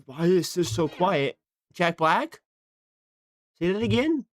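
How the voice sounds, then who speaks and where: A man's voice: sits high, big pitch swings, slow pace. A man streaming casually, flustered and self-mocking as he talks through his voice attempts aloud. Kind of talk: casual livestream chat.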